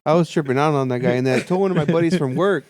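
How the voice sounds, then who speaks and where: A man's voice: a little high, very fast, darkish tone. A man hosting a podcast, telling a rambling, profanity-filled story in a casual studio chat. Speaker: podcast host.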